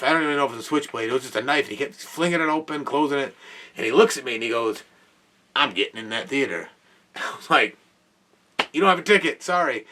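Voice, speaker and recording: A young man, host of a podcast, telling an animated work story in a casual way with exclamations and laughs. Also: on the high side, distant mic.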